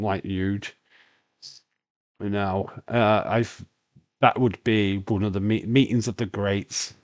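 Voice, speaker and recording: A man's voice: on the low side, darkish tone, dry recording. A man with a Yorkshire accent hosting a casual wrestling watch-along stream, rambling on and answering chat questions with lots of fillers.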